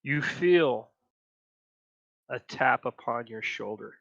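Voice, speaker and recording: Man, game master, very slow narration, bright tense voice, lo-fi chat. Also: mid-range voice, animated, vocal fry, no echo.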